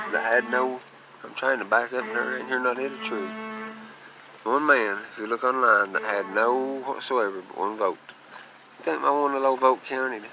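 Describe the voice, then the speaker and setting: A fairly low-voiced man rambles on in a chatty, folksy way, breaking into little chuckles. He is talking outdoors and from his truck, and faint ambient noise sits under his voice. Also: sharp tone, poor audio. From Western North Carolina. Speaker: vlogger. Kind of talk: casual rambling monologue.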